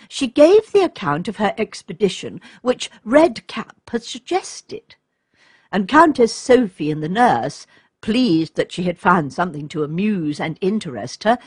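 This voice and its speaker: A woman reads a children's storybook aloud, taking it slowly and letting her pitch rise and fall with plenty of life. Her voice has a soft, breathy quality. The sound is dry and close, with no room around it. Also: no room sound. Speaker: narrator. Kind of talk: storybook reading.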